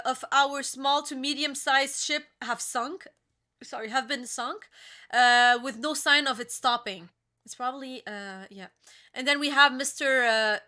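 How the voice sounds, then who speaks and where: Bright young woman, halting casual read. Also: high-pitched. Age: young adult. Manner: halting, many fillers and restarts while reading aloud. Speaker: co-host reacting to a comic chapter. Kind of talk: casual reaction chat.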